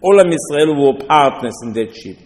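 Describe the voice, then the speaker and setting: A man giving an animated storytelling sermon, mixing in Hebrew terms and acting out voices. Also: a little high, normal speed. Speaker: religious teacher. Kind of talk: Torah lesson sermon. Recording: long hall reverb.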